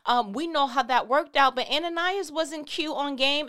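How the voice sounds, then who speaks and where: A woman's voice: high-pitched, moderate pace, a bit bright. A woman giving a casual, conversational Christian talk with emphatic, repetitive phrasing. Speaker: Christian speaker.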